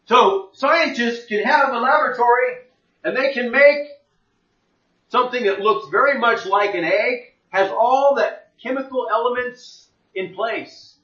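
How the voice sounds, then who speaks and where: High, bright-voiced man preaching in echo. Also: unhurried. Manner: plain-spoken, asks rhetorical questions. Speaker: Bible teacher. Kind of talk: conversational sermon. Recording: echoey room, distant mic, dull lo-fi.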